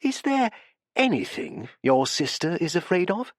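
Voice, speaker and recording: Man reading old detective, rumbling, deliberate, probing, dry close sound, audiobook. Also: sing-song, no echo. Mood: pondering. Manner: musing, deliberate questioning. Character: stout, rumbling elderly male detective, genial and probing. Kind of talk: audiobook character voice.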